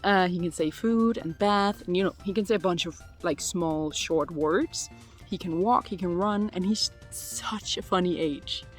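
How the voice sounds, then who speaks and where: A woman's voice: on the low side, unhurried, faint music behind. Giggly chatty woman in her twenties. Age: 20s. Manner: chatty and giggly, full of "like" fillers. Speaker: vlogger answering viewer questions. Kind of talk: casual chat. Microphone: phone.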